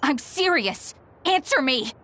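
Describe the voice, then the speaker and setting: A woman's voice: on the low side, unhurried, noisy background, lightly acted. An actress playing a driven young woman in a game, speaking tensely and with firm resolve. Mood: urgent. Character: driven young woman set on a grim duty.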